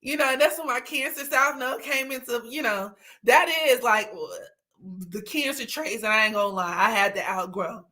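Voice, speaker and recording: A woman's voice: fairly high pitch, normal speed, bright, forceful tone. A young woman hosting a livestream, telling candid stories in casual chat, laughing often and slipping into dramatic, teary mock outbursts. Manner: candid storytelling with frequent laughter. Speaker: livestream host.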